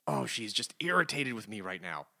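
A man's voice: on the low side, very animated, brisk, pushed and bright. A man hosting a casual comics news podcast, upbeat and chatty, laughing often. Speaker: podcast host.

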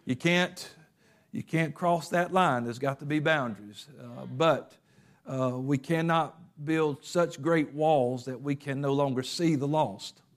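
A man preaching a sermon in a conversational way, acting out little quotes and often pausing with fillers. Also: a little high. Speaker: pastor.

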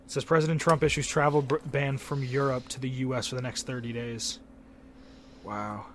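Excitable, swearing young man on a podcast. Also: mid-range voice, normal speed, a little hiss or hum. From Pennsylvania, USA. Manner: excitable, swears a lot, rambling. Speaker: podcast co-host. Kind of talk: casual podcast chat.

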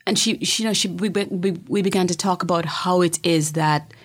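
A middle-aged woman telling a personal story in a casual, reflective way, often sinking into a soft whisper. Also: lowish voice, normal speed, husky.

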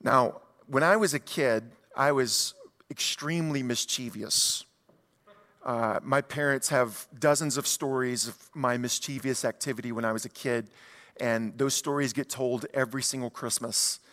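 A man preaching a sermon as a pastor, telling stories in an animated way and putting rhetorical questions to the congregation. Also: medium pitch, a little slow, long reverb tail.

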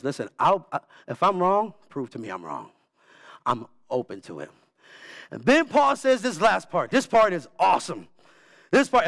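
A man preaching a sermon as pastor, animated and emphatic, repeating key words for effect. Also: high voice. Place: church.

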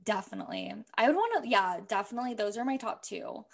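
A chatty young woman co-hosting a casual podcast, her voice gravelly with fry and sitting a touch high. She talks loosely, with plenty of fillers and frequent laughter. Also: big pitch swings, fast talker. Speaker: podcast co-host. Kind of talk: casual chat.

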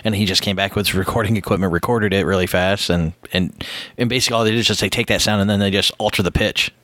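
A middle-aged man chatting casually as co-host of a movie commentary, quick and laughing, rambling through his points. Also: lowish voice, steady tone, fairly bright tone, dry recording.

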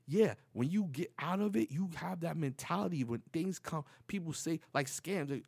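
Gravelly New man telling stories. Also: mid-range voice, dry recording. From New York City. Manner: animated, profane street slang, acts out quoted dialogue. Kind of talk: casual storytelling.

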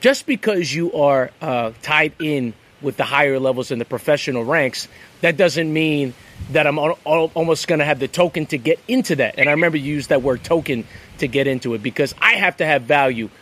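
A man's voice: fairly high pitch, a little fast, fairly bright tone, low-quality recording. A male interviewer who asks thoughtful questions and keeps the talk going with attentive "mm"s. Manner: attentive, backchannels with "mm".

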